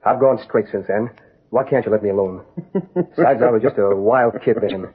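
Young cowboy foreman, earnest, husky drawl, tinny radio. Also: fairly low pitch, moderate pace. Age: young adult. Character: young male ranch foreman, reformed outlaw, earnest. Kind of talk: 1940s radio acting. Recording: tinny old radio broadcast.

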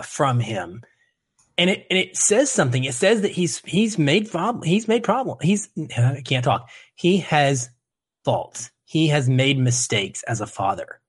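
A man who is a father, talking casually and animatedly about a film, rambling and correcting himself mid-sentence. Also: medium pitch. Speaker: podcast co-host.

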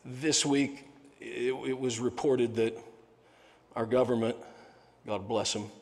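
A man's voice: medium pitch, steady tone, takes it slowly, big-room sound. A male pastor giving a sermon in a conversational, joking way, often restarting his sentences.

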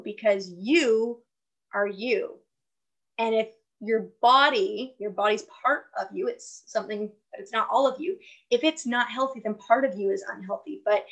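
Earnest, fairly high-voiced woman coach. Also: poor audio. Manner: earnest, explanatory, animated. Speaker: guest, fitness and wellness coach. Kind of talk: casual conversational interview.

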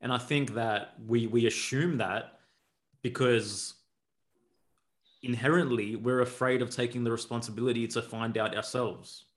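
Halting, mid-pitched podcast co-host man. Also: steady tone. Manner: halting, restarts and repeats words. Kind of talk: podcast interview.

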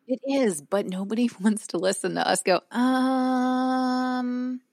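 A woman's voice: mid-range voice, a little fast, gravelly, darkish tone, slightly rough, no echo, clean studio sound. A woman with a slight Southern accent, hosting a podcast in a talkative, storytelling way and laughing easily. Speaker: podcast host. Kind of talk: casual chat. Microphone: own microphone.

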